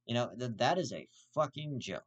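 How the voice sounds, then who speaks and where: This man rants blunt, profanity-laced commentary as host of his own show. His voice sits at an ordinary middle pitch, and he keeps hammering the same points again and again. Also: big pitch swings, normal speed, highs cut off. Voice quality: blunt, profane and repetitive, circling back to the same insult.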